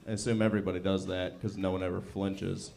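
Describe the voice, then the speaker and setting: A man doing a stand-up set at an open mic, delivering dark one-liners. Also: low voice, level tone, quick pace, vocal fry. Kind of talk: stand-up comedy.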